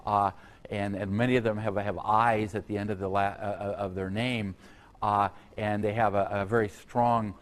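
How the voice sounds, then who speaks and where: A man giving an unscripted university history lecture, halting often on fillers and restarts, with conversational asides to his students. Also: fairly low pitch, level tone. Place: lecture hall.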